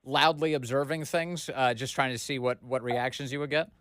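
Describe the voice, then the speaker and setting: A man hosting a talk radio show, chatting casually with callers in a jokey, animated way. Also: mid-range voice, moderate pace, no room sound, clean studio sound. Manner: jokey, laughs easily, animated retelling. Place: radio studio. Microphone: studio microphone.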